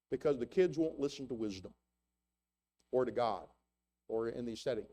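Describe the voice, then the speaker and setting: An older man preaching in church, his voice sitting high for a man. He talks in a loose, halting way, full of restarts and fillers, and pushes his voice up when he asks rhetorical questions. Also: darkish tone. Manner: rises in pitch for rhetorical questions. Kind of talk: sermon.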